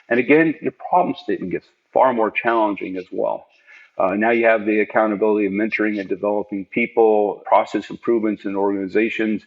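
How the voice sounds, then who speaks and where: A middle-aged man, a podcast guest, tells earnest, reflective stories of his working life in a conversational interview from home. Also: on the low side. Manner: earnest, reflective, animated storyteller. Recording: dull lo-fi remote audio.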